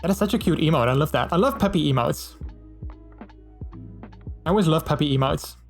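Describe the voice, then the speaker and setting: A man's voice: a little high, lively intonation, fairly quick, soft background music. A man streaming casually, reading out viewer messages and chatting in a friendly way, with many fillers and restarts.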